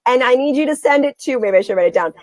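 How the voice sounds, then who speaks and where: Woman host, higher register, dry sound, emphatic and repetitive, chatty live-stream energy. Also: expressive, fast, no echo. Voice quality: bright, emphatic, repeats words for stress. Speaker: host, blogger. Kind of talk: casual live-stream chat.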